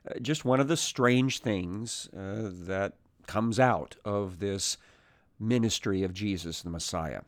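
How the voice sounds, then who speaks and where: A man with a fairly low voice teaches Scripture at a very slow, deliberate pace. He pauses often and restarts his phrases as he explains. The sound is close and dry. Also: no room sound. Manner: measured, thoughtful, with frequent "uh" pauses and restarts. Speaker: Bible teacher. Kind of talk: unhurried Bible teaching.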